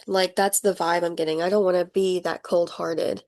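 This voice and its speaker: A young woman giving a casual tarot reading, chatty and animated, laughing often and acting out the people she describes. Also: fairly low pitch, a little slow, hardly any pauses. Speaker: tarot reader.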